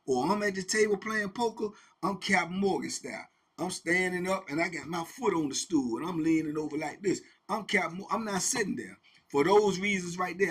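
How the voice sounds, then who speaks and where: A middle-aged man casually telling a prison story, animated, with sound effects and quoted voices. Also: sits high, husky. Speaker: host telling prison stories.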